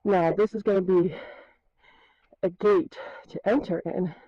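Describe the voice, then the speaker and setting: A woman's voice: fairly low pitch, steady tone, measured pace, dry recording, lo-fi sound. A woman walking around her horse paddock, chatting casually and self-deprecatingly while out of breath. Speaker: horse trainer vlogger. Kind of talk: casual outdoor vlog walkthrough.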